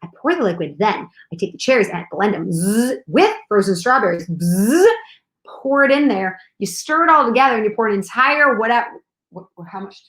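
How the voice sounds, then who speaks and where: Bubbly high-voiced woman, lively pitch. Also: fast. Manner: bubbly and excitable, talks to viewers. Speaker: co-host. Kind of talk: casual chat on a livestream. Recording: echoey room.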